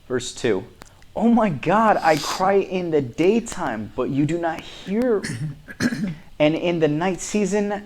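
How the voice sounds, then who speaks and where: A man reading Bible verses aloud deliberately, with expressive emphasis. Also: on the high side. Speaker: scripture reader. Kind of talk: slow scripture reading.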